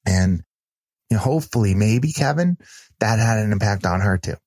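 Podcast guest, man with a lowish voice, earnest animated storyteller, dry close mic. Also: normal speed, dry recording. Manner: earnest, animated retelling with restarts. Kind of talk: storytelling in casual conversation.

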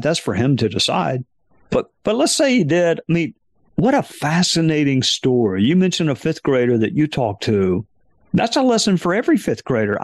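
A man's voice: fairly high pitch, no room sound, studio quality. A middle-aged man, chatting casually as a podcast host in an emphatic, folksy, self-mocking way. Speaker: podcast host answering listener questions. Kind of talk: casual chat.

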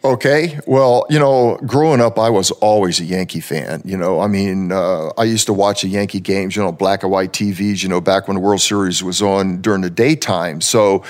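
A man in his seventies, a former ballplayer, telling relaxed anecdotes and acting out the people he quotes. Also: deep voice, moderate pace, hardly any pauses. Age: 70s. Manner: relaxed storyteller, acts out quoted voices, frequent "you know".

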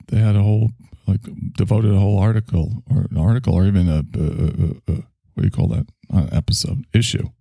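Gravelly New York podcast host, mocking. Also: male voice, a little fast, no echo, studio quality. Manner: mocking, deadpan asides and sudden shouty pitch jumps. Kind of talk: sarcastic solo podcast commentary.

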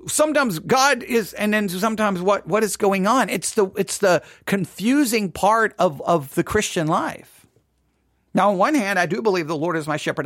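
A man's voice: high voice, fairly bright tone, no room sound, studio quality. A man speaking earnestly in a sermon-style talk, often repeating and restarting phrases. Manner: earnest, repeats and restarts phrases, rises when quoting cries. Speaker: preacher. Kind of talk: impassioned sermon-style commentary.

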